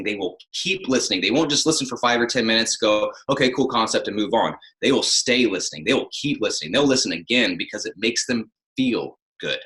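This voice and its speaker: A man's voice: mid-range voice, fairly bright tone, roomy sound, low-quality recording. A man who narrates audiobooks, talking in a podcast interview and acting out example phrasings as he explains.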